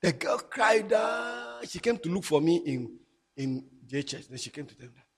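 A middle-aged Ghanaian man preaching with a husky, high-pitched voice that leaps up and down. He talks animatedly and drifts between English and Twi as he exhorts his listeners. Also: big pitch swings, moderate pace. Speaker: pastor. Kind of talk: sermon.

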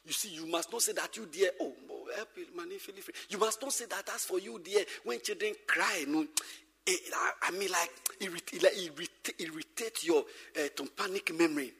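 Male pastor, sermon, husky and bright, animated shouts to whispers, reverberant hall. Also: high-pitched, normal speed. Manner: animated, repeats phrases, swings from shouting to whispering. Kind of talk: sermon to church workers.

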